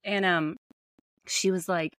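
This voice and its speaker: A woman's voice: on the low side, steady tone, slow, a bit bright, dry recording, clean studio sound. A woman with an American Southern accent, co-hosting a podcast in casual chat, gushing and laughing often. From United States. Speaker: podcast co-host.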